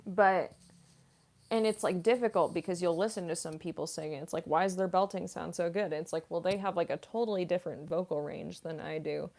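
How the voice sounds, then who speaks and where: A voice actress streams casually, answering comments from viewers in a fairly low, slightly mellow voice at a slightly fast clip. Classically trained as a singer, she chats freely, with plenty of "like" and "um."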